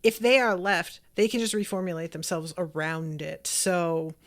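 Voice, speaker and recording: A woman's voice: lowish voice, fairly even intonation, normal speed. A woman hosting a podcast, chatting enthusiastically as she reacts to an episode and reads out listener comments. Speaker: podcast host.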